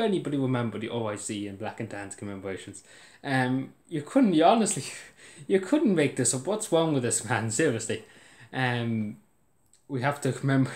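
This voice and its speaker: Exasperated Irish man ranting. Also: medium pitch. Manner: indignant, exasperated, laughing in disbelief, repetitive. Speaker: video blogger. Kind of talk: political rant to camera. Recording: roomy echo.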